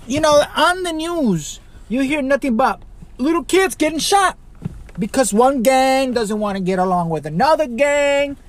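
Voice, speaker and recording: A man from Chicago hosting a podcast, ranting alone with constant swearing, rhetorical questions and sudden loud outbursts. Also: very high-pitched, expressive, measured pace. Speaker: podcast host. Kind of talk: profane solo rant.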